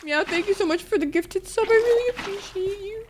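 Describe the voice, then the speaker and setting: A woman's voice: very high voice, expressive, fast talker, hardly any pauses, background noise. A woman live-streaming a game and chatting with viewers, gushing and teary, swearing freely as she thanks them. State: teary, crying. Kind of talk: casual live-stream chat. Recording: music playing behind. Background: background music.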